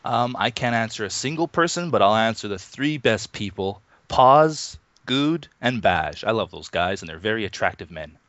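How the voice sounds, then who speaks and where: A man's voice: fairly low pitch, moderate pace, hardly any pauses, dry recording. A man in his thirties, a guest on an interview show, chatting casually with lots of fillers and little chuckles. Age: 30s. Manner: relaxed, chuckling, many fillers and restarts. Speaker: interview guest, Minecraft YouTuber. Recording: dull, muffled lo-fi online call.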